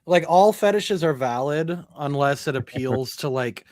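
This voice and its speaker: A man's voice: on the high side, animated, measured pace, darkish tone, no room sound, studio quality. A man chatting casually as a co-host, blunt and crude in his remarks. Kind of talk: casual chat.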